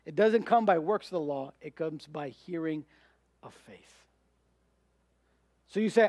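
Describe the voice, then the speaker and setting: Animated and a little slow, this man's sermon is emphatic and delivered in a notably high voice with long pauses. Playing out his audience's objections, the pastor asks and answers his own questions; the sound is dry and close with no room sound and the highs cut off.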